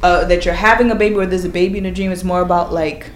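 A woman's voice: on the low side, fairly even intonation, fast, faint music behind. Podcast co-host, woman, chatty and slangy, roomy echo. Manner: chatty, acts out her mother in quoted lines, slangy. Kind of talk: casual chat.

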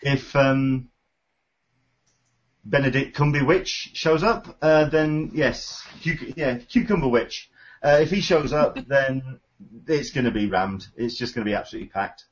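A British podcast host chats enthusiastically in an unhurried, mid-range voice, rambling and filling his speech with lots of fillers. It's casual talk captured on a dull lo-fi recording.

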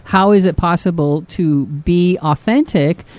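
A woman's voice: lowish voice, a little slow, darkish tone, no echo. Woman co-host with a dry sound. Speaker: podcast co-host. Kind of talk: casual chat, reading listener questions.

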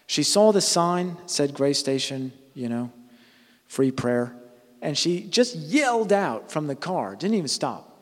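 Brief: male preacher, conversational sermon, earnest with frequent restarts, slightly higher voice. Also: very animated, unhurried, big-room sound. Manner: earnest, restarts and self-corrects.

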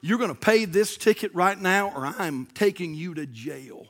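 A man's voice: high voice, animated, moderate pace, fairly bright tone, exaggerated voice. A man voicing a stern, curt state trooper in a sermon story. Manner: curt, commanding.

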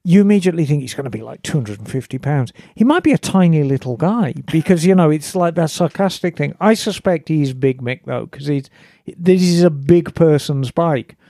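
A woman's voice: deep voice, lively intonation, fairly quick, mellow, no echo, clean studio sound. A woman co-hosting a casual podcast chat, wry and chatty as she reads out listener letters. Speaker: podcast co-host.

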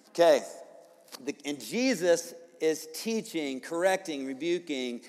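A man preaching a sermon as pastor, in an animated, conversational way with quick casual asides. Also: a little high. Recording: long hall reverb.

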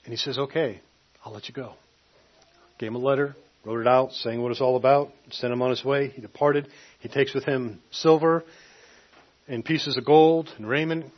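A man's voice: medium pitch, fairly even intonation, moderate pace. A man preaching a sermon, retelling a scripture story casually and acting out the quotes. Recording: dull lo-fi recording.

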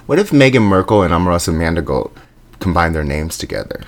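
Deep-voiced, deadpan man podcast host. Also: fast. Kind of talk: comedic podcast banter.

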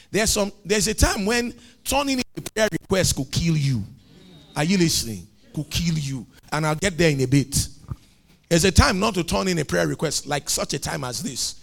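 Guy preaching, high voice, swings all over the place, kinda gravelly, shouts the big lines. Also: normal speed. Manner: animated preaching with shouted climaxes and acted dialogue. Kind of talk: sermon.

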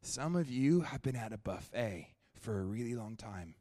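A young man preaching a sermon at a church, shifting from animated, joking storytelling to quiet, prayerful ministry. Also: mid-range voice, moderate pace, dry recording, clean studio sound. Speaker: guest preacher.

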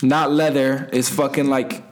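A man's voice: mid-range voice, flat delivery, unhurried. A young man telling a rambling, profane party story in casual slang, laughing as he goes. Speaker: guest storyteller.

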